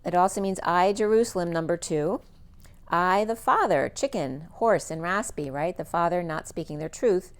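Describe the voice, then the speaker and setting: Slightly hoarse woman musing through a reading. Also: on the low side, moderate pace. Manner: thinking aloud, listing word meanings in a musing run-on flow. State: losing her voice, slightly hoarse. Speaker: spiritual reader. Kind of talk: solo spiritual reading monologue.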